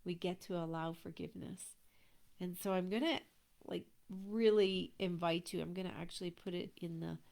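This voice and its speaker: A middle-aged woman coaching, talking earnestly and reflectively, sometimes dropping into a soft whisper. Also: on the low side, steady tone, normal speed, creaky. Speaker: abundance coach. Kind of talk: motivational talk to an online audience.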